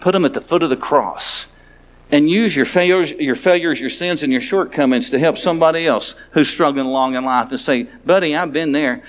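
A pastor preaches to his congregation in a plain, frank, conversational way. His voice sits high for a man. He often stumbles and restarts his sentences as he talks. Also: brisk. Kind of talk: sermon.

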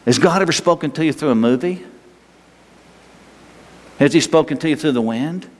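A man's voice: on the high side, normal speed. A man preaching a sermon as a pastor, folksy and rambling, with restarts and small chuckles. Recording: long hall reverb.

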